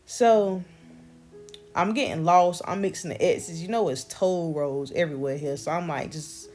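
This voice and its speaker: A young woman from North Carolina, telling a casual storytime vlog with animated swearing and calling her viewers y'all. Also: on the low side, a little slow, soft background music. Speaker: vlogger.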